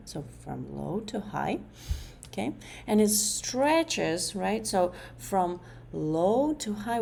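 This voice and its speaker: A woman with a low, mellow voice walks through voice exercises for a class presentation. She pauses often with fillers and restarts her phrases. Faint room ambience sits behind her. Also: gravelly, a little hiss or hum. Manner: hesitant, many fillers and restarts.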